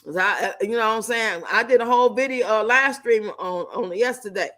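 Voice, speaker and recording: A woman talks straight to her viewers on a live stream with a bright, cutting tone. She's blunt and salty, and she tosses out slang and jokes while she reads their messages aloud. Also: on the high side, brisk. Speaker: livestreamer reacting to videos and reading chat. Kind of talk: casual live stream chat.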